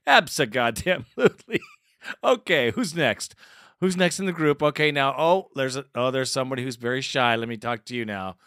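Animated, laughing male podcast host. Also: fairly high pitch, no room sound, studio quality. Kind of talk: casual fan talk show, mock group therapy.

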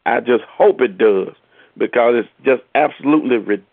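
A man's voice: medium pitch, normal speed, no room sound. Male fan caller, angry profane rant, dry phone-quality audio. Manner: angry, profane, rising in heat. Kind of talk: ranting sports fan message. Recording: dry tinny phone-like line.

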